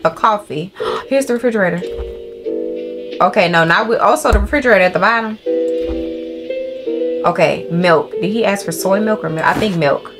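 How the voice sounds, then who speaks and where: Brief: young female gaming creator, cussing and excitable, talking to her viewers over game music, average pitch. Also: moderate pace, pauses often. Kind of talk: let's play commentary.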